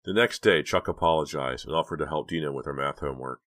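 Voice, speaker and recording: A man narrating an audiobook in an even, measured storytelling manner. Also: very deep voice. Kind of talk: scripted narration.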